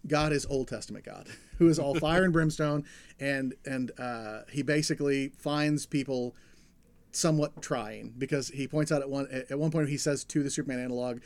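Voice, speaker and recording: A man's voice: mid-range voice, moderate pace. A young adult man, a podcast co-host, chatting casually about comic books and retelling a story with enthusiasm, briefly acting out the characters. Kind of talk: casual comic book chat.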